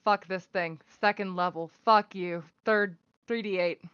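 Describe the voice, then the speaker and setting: A woman playing a tabletop game over voice chat, excitable, exasperated and cursing freely. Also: medium pitch, a little slow, smooth, dry recording, highs cut off. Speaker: player. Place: online voice chat.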